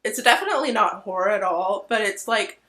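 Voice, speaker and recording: A woman's voice: mid-range voice, animated, brisk, fairly bright tone. A woman hosting her own channel, chatting casually and emotionally about a book, full of fillers and gushing asides. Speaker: book reviewer, channel host. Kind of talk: casual vlog chat.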